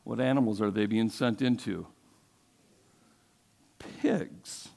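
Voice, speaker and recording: A man with a medium-pitched, expressive voice preaches a sermon at an unhurried pace. He retells a story conversationally and puts questions to the congregation.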